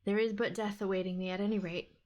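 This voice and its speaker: A woman's voice: medium pitch, flat delivery, fast talker, a little mellow, lightly acted. A woman voicing a weary young prince who gives tired, resigned replies, read from a fairy-tale book. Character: young male prince, weary and put-upon.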